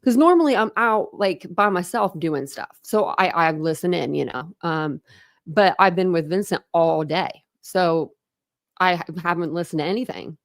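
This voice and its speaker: A woman hosting a livestream, chatting casually and greeting her viewers one by one, warm and grateful toward them. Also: lowish voice, normal speed, dry recording, clean studio sound. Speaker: livestream host. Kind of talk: casual live chat with viewers.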